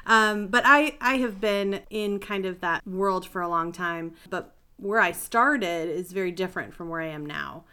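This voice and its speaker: A woman's voice: mid-range voice, measured pace, hardly any pauses, sharp tone, clean tone. A middle-aged woman, a health and life coach, telling her story in a chatty, rambling, self-deprecating way as a podcast guest. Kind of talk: casual interview storytelling.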